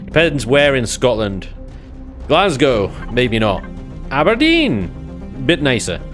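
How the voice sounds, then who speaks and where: A man's voice: mid-range voice, lively intonation, unhurried, over music. A man chatting casually while live-streaming a building game, thinking aloud and chuckling often.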